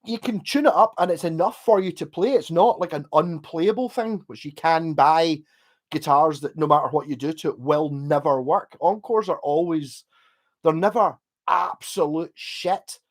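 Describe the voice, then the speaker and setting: A slightly high-voiced man with a Scottish accent chats on a live stream. He has had a few drinks and rambles from one thing to the next, swearing freely in a casual, unpolished way. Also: normal speed. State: tipsy from drinking.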